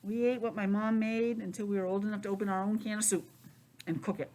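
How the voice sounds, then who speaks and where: Middle-aged teacher, expressive and talkative, reads aloud to preschoolers in a classroom. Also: female voice, medium pitch, fast talker, slight background noise. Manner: chatty, expressive, drifts into personal asides. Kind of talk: reading aloud and chatting to young children.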